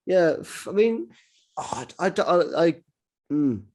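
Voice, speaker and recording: A man hosting a casual podcast chat, excitable, stumbling over restarts and swearing freely. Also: on the high side, slow pace. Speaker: podcast host.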